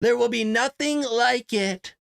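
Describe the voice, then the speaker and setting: A man putting on an impression of a brash, blustering older male politician, drawing out his words slowly and emphatically. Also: extremely high pitch, vocal fry, a bit bright, clean tone, pitched above the performer's own voice, heavily acted. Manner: slow, drawn-out, emphatic delivery.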